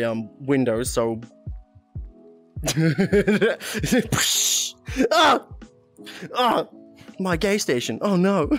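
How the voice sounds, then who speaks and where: A young man streaming a VR game, chatting casually, giggling often, swearing and reading chat aloud. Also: fairly high pitch. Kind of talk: casual live-stream chat while playing. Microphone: VR headset mic.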